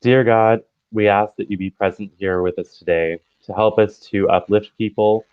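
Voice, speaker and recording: Calm thirtysomething man, dry call audio. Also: lowish voice, normal speed, smooth, no echo, phone-quality sound. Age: 30s. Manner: calm, earnest prayer, with relaxed filler-laden chat. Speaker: medium and minister. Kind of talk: spoken prayer and casual introduction. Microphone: video call.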